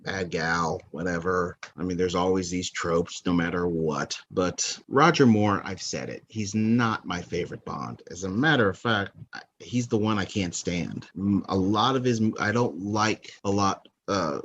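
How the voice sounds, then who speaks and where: Podcast host, male, low voice, frank and casual, slight hiss behind. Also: muffled recording. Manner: chatty, frank, swears casually, laughs at own jokes. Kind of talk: casual movie countdown commentary.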